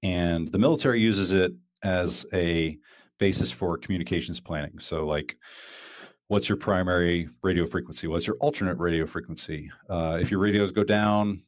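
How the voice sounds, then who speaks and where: A low-pitched man speaks at normal speed as he hosts a casual podcast chat, rambling with lots of fillers and restarts. There's no echo, and the sound is studio quality.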